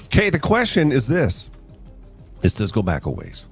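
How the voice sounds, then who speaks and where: A man's voice: mid-range voice, huge pitch swings, normal speed, slightly rough, soft background music. A man hosting a morning radio show, joking with his co-host and running a call-in quiz. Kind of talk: casual radio banter.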